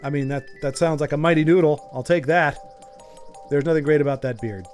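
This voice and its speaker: A man's voice: on the high side, fairly quick, a little mellow, soft background music. A man streaming a video game, chatting casually and jokingly with his viewers in a rambling way. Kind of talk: casual live-stream chat.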